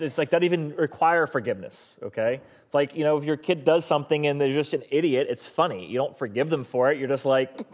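A man preaching a sermon in a conversational way, acting out quotes from people in the stories he tells. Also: fairly high pitch. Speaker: pastor.

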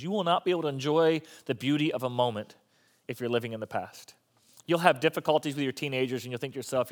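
A man's voice: medium pitch, fast talker. A male pastor preaching a sermon in a conversational style with joking asides.

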